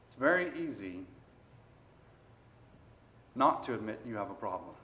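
A man preaching a sermon, moving between quiet stretches and loud, emphatic passages. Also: on the low side, very animated, unhurried. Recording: roomy echo.

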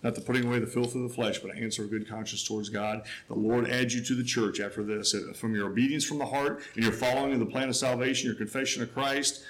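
Man preaching, emphatic sermon, mid-pitched voice, faint background noise. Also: steady tone, fast talker, hardly any pauses, rough recording. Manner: emphatic, rising to a near shout then dropping low.

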